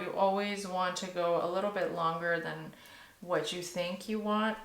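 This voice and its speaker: A young woman hosts a casual how-to vlog from home, chatting nervously with plenty of fillers. Her voice sits at an ordinary middle pitch. The room around her is noticeably echoey. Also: a bit bright. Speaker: beauty vlogger.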